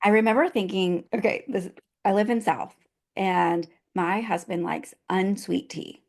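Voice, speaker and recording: A woman hosting a podcast who tells personal stories in a lively, chatty way and keeps up a stream of encouraging agreement. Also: mid-range voice, a little slow, gravelly. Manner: lively personal storytelling, frequent agreeing interjections. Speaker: podcast host. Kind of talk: casual podcast conversation.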